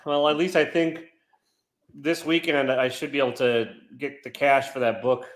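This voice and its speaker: A man co-hosting a casual chat, teasing in a dry, deadpan way. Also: mid-range voice, moderate pace. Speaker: co-host. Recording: echoey room.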